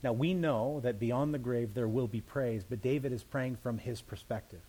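A man's voice: medium pitch, moderate pace, mellow, breathy edge. A man, a pastor, teaching through scripture verse by verse in a conversational sermon, explaining it in plain everyday words.

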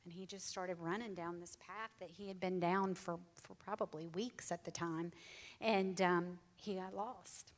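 A woman's voice: fairly low pitch, steady tone, measured pace. Earnest woman in a reverberant hall. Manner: earnest, heartfelt, sometimes dropping to a near whisper. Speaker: guest speaker sharing her testimony. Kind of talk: personal faith testimony to an audience.

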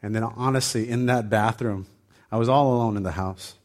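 A man's voice: fairly low pitch, brisk, darkish tone. A man preaching a sermon as pastor, telling a personal story in a loose, conversational way full of fillers and restarts, then building into fervent, emphatic preaching.

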